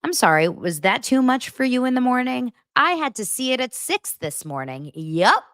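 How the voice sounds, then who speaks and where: A woman's voice: high-pitched, sing-song, moderate pace, fairly bright tone, no room sound, clean studio sound. A woman hosting a podcast, recapping reality TV in a blunt, sarcastic, casual way. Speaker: podcast host.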